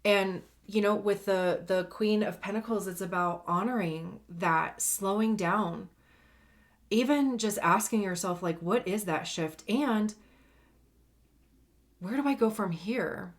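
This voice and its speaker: A woman's voice: mid-range voice, slow pace. A woman giving a casual, slangy tarot reading, chatty and laughing often. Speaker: tarot reader.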